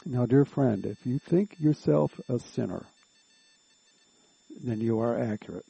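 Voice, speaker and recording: Slow, deliberate male preacher. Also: medium pitch, creaky, dark tone, slightly rough, no echo, rough recording. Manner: slow, deliberate preaching with drawn-out words and earnest appeals. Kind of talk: sermon.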